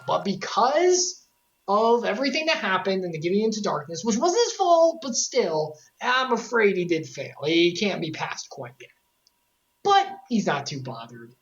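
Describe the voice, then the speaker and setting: Animated joking woman streamer. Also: mid-range voice, muffled recording, slight background noise. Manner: excitable, joking, quick asides to chat. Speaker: streamer recapping a video game series. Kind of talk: casual streamed commentary.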